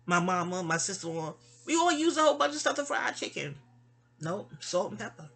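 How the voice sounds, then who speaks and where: A vlogger from New York City, she has a mid-range, sing-song voice that's a bit bright and fairly quick. Sounding sleepy, she chats her way through a long personal story in a casual monologue, rambling with plenty of restarts and asides.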